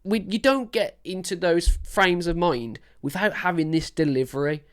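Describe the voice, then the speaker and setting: Picture a woman with a low, deep-set speaking voice hosting a music reaction. She rambles happily, piling on fillers and gushing over what she hears, in a loose and casual commentary. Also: normal speed. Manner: enthusiastic, rambling with many fillers.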